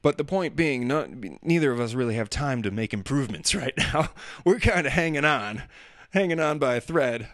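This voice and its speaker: A man's voice: mid-range voice, lively intonation, normal speed, a bit bright, no echo. A man in his thirties talks alone into the mic in a loose, rambling way. He laughs at himself, restarts his sentences and drifts from topic to topic. The sound is dry and close, with no room around it. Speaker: podcast host and musician. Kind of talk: casual solo chat.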